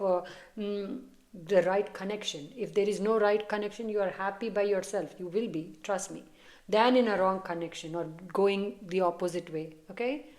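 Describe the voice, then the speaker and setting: A woman's voice: mid-range voice, darkish tone. A woman tarot reader talking casually and reassuringly straight to her viewers as she gives a reading. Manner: chatty, reassuring, direct address to viewers.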